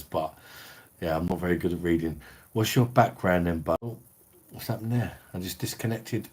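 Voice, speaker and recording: A deep-voiced British man, middle-aged, hosting a casual beer livestream from home. He talks bluntly, peppers his chat with swearing and slang, and answers viewer comments as they come in. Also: a little mellow. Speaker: beer review livestream host.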